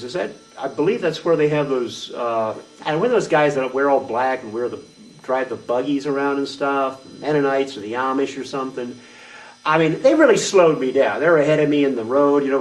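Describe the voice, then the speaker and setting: A man's voice: mid-range voice, natural voice. A man doing a rambling redneck trucker. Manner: rambling, folksy, crude. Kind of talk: comedic character monologue. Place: small venue stage. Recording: distant mic at open mic.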